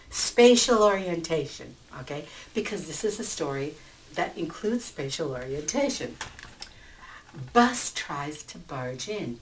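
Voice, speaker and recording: A woman author walking teachers through her picture book, explaining in an animated way and checking in with frequent asides. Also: low voice, measured pace, far from the mic, low-quality recording. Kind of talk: book talk tutorial for teachers.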